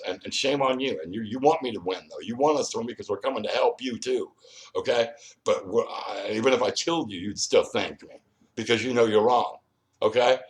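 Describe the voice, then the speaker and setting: In a solo vlog monologue, a man hosting his own video rambles straight at the viewer in a confrontational way, often repeating and restarting his words. His voice is medium in pitch and a little fast.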